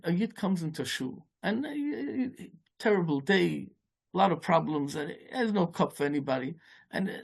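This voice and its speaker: A man giving an informal Torah talk as a rabbi. He speaks haltingly, with many restarts, and mixes Yiddish and Hebrew terms into his English. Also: gravelly, slightly rough. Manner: storytelling, rising in pitch as the tale builds.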